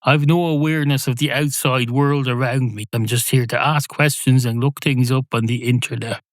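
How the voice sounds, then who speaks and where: A man's voice: medium pitch, fairly even intonation, moderate pace, no room sound, pitched above the performer's own voice, natural voice. An Irish man voicing a sarcastic, passive-aggressive AI vet assistant program, in a storytelling podcast. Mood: snippy. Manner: sarcastic, mock-polite, turns rude.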